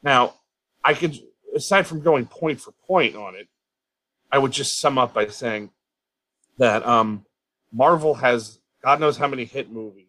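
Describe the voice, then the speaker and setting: A man's voice: mid-range voice, measured pace, bright, forceful tone, rough recording. A man on a casual podcast, dry and dismissive, swearing casually as he talks. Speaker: podcast co-host or guest.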